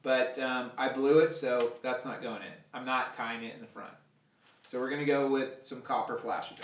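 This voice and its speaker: A man giving a casual, profane live fly-tying demo, rambling and joking as he works. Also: medium pitch. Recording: roomy sound, mic at a distance.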